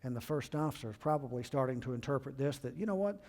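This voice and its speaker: A man's voice: fast talker, few pauses, darkish tone. A middle-aged man from the American South giving an earnest, emphatic safety lecture to pilots, acting out quoted remarks. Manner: earnest, emphatic, acts out quotes with rising pitch. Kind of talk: presentation lecture. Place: university lecture hall. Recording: long hall reverb.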